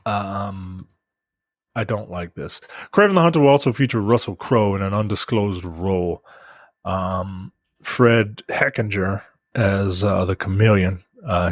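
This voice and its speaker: A man's voice: fairly low pitch, dry recording, clean studio sound. Exasperated man ranting on a podcast. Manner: exasperated, rants with lots of "yo" and "like". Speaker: podcast co-host. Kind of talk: casual podcast chat.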